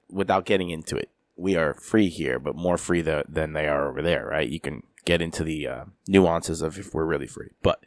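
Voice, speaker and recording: Man, low voice, loose profane podcast banter, dry close sound. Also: a little mellow, no room sound. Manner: loose, profane, says "bro" a lot. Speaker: podcast co-host. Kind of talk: casual chat.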